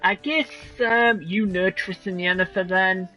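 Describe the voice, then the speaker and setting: A man's voice: high voice, steady tone, a little slow, pushed and bright, highs cut off. A man streaming a video game, chatting in rambling, joking asides. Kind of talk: casual game commentary. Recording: voice over game music.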